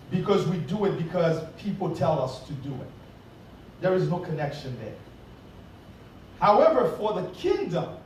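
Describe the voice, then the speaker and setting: A man with a high voice preaches a sermon in a church sanctuary, and his words bounce around a very reverberant hall. He stands well back from the microphone and draws the congregation in with a story, often asking "right?". A faint hum of room noise runs underneath. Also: a little mellow. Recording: very echoey church hall, distant mic.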